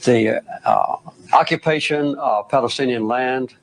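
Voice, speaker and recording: Measured older man in a TV interview. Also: medium pitch, rough recording. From United States. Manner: measured, firm, occasional throat-clearing and restarts. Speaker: interview guest, former head of state. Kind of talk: television interview.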